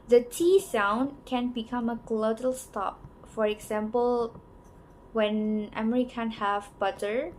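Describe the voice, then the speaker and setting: Slow, halting young woman presenting a lesson. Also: on the high side, darkish tone, slight background noise, poor audio. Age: young adult. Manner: slow, halting delivery with many pauses and "so" openers. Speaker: student presenter. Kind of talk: class presentation on English varieties.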